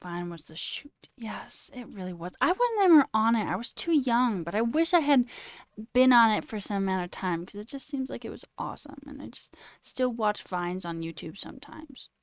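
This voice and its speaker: A fairly high-pitched woman talks at a moderate pace on a dry recording. In her twenties, she's a coding livestreamer reading stream chat and chatting casually, given to animated rants peppered with "like" and swearing.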